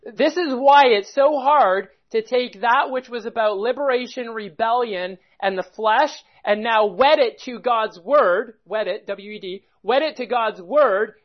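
A man preaching a sermon, reading quotations aloud and commenting on them earnestly, repeating key phrases for emphasis. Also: high-pitched. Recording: dull lo-fi recording.

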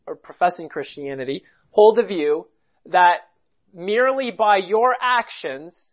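A preacher giving an expository Bible sermon, reading scripture aloud and driving home each point by repeating it with emphasis. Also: medium pitch. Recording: dull lo-fi recording.

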